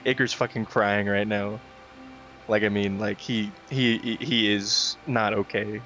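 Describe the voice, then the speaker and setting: A man's voice: on the low side, fairly even intonation, measured pace, bright, forceful tone, soft background music, low-quality recording. A man playing a tabletop game, describing his character's actions casually and swearing freely. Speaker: player. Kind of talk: casual role-play chat.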